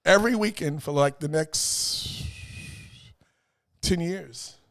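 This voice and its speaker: A middle-aged man, telling stories as an interview guest in an animated way, repeating phrases and acting out voices. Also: on the high side, slow, creaky. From New York. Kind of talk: casual storytelling chat.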